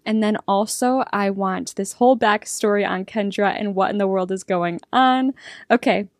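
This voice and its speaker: A young woman reacting to a TV episode, excitable and rambling as she thinks out loud. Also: medium pitch, normal speed, no room sound, studio quality. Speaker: reaction vlogger.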